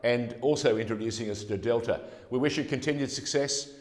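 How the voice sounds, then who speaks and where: A man's voice: mid-range voice, brisk. A man hosting a conversational interview, effusive and full of "uh" fillers. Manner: effusive, warm praise with frequent "uh" fillers. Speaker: interviewer host. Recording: echoey room with long reverb.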